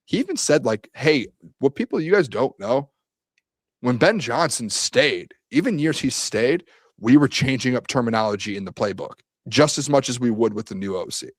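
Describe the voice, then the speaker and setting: A man's voice: medium pitch, animated, normal speed, no echo. A man co-hosting a sports talk show, optimistic and rambling, with many fillers in casual chat.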